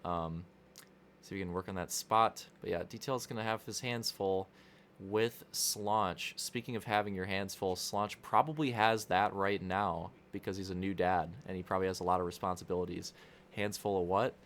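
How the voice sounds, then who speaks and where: A young man commentates a video game race in a casual, rambling way, full of jokes and crude asides. His voice sits a little low. There is a faint hiss of noise underneath. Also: steady tone, moderate pace, fairly bright tone.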